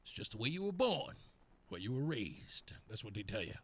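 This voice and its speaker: A man's voice: on the low side, sing-song, moderate pace, fairly bright tone, husky. A male talk radio host delivering a taunting, sarcastic monologue.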